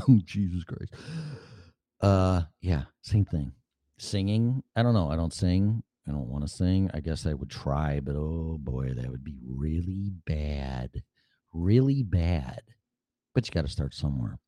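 A man's voice: very deep voice, lively intonation, unhurried, dark tone, no room sound. A middle-aged man hosting his own podcast alone, talking in a rambling, casual and profane way. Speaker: podcast host. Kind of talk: solo podcast monologue. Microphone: studio mic with mixer.

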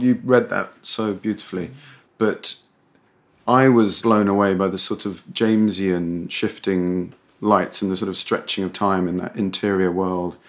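A man presenting a book discussion who speaks about a passage with enthusiasm and admiration. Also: low voice.

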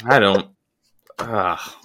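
A man's voice: fairly low pitch, very slow, pushed and bright. A man co-hosting a comedy podcast, with wry and mock-disgusted reactions. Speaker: podcast co-host. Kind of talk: casual comedy podcast chat.

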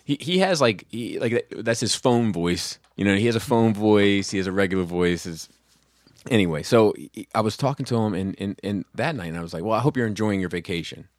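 A man hosts a casual podcast, his low voice leaping around as he tells stories. He swears freely and trips over restarts. The sound is close and dry. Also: moderate pace, no echo. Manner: swearing, animated, stammering restarts. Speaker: podcast host.

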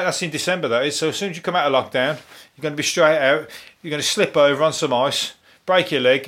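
A man from England with a Birmingham accent hosts a solo podcast in a fairly high, slightly bright voice. He rambles casually, swearing, cracking self-mocking jokes and restarting his sentences.

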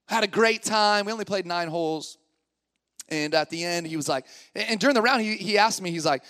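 A man in his thirties, a pastor, preaching a sermon in a casual, slangy style that moves from relaxed storytelling into emphatic preaching. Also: high voice, fast talker.

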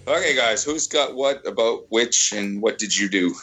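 A man hosting a casual podcast chat in a relaxed, easygoing manner. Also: fairly low pitch, moderate pace, faint music behind. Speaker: podcast host.

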